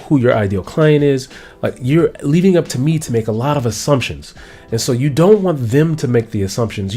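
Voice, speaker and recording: Animated man coaching with lively pitch. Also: slightly rough. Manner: animated, acts out both sides of conversations in higher voices. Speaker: productivity coach. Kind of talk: motivational teaching to camera.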